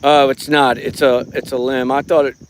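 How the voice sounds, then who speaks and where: The voice is mid-range and level, at a moderate pace, with slight hiss or hum in the recording. It's a middle-aged man casually live-streaming his paranormal watch from a rural property at night, holding his phone, rambling in a folksy way and greeting viewers by name.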